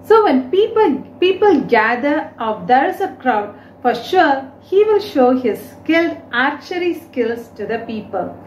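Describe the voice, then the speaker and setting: Woman, teacher, very lively pitch, slight room echo. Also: unhurried, hardly any pauses, a little hiss or hum. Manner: explains words, retells story in simple English. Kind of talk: explaining a reading lesson.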